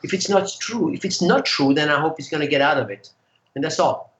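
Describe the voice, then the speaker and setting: A man, a guest singer, telling animated stories in casual chat and acting out the voices of people he quotes. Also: a little high, fairly quick, roomy sound, muffled recording, slight background noise. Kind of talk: casual storytelling.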